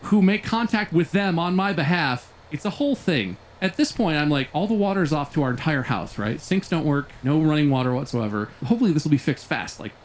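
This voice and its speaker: A man's voice: fairly high pitch, big pitch swings, quick pace, hardly any pauses. A man telling a casual, profanity-laced story with exasperation, laughing now and then as he recounts it.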